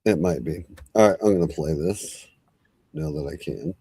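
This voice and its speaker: A man's voice: a bass voice, moderate pace, gravelly, mellow, slight background noise. A man hosting a live stream in casual chat, sounding flustered while he struggles with screen sharing.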